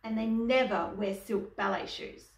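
A woman's voice: mid-range voice, measured pace, soft background music, lightly acted. A woman voicing a young male kangaroo, a blunt, dismissive little brother in a storybook. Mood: scoffing. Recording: echoey room, distant mic.

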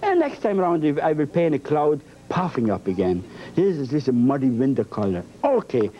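A man's voice: fairly high pitch, huge pitch swings, a little fast, a little hiss or hum. A man teaching a painting lesson, talking with emphatic, playful repetition. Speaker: painting instructor. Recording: dull lo-fi broadcast sound.

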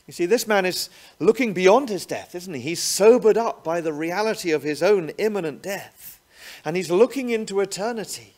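Animated preacher, man. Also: high voice, normal speed. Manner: animated, rhetorical tag questions. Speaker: pastor. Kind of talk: sermon.

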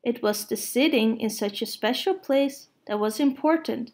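A woman reading a children's picture book aloud, gentle and expressive. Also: on the high side, normal speed. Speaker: storyteller.

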